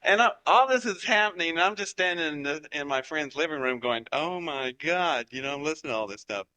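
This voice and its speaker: A man's voice: fairly high pitch, fast talker, pushed and bright. A man with a Southern US accent giving a folksy storytelling talk to a live audience, chatty and joking with the crowd. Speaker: speaker addressing a live audience.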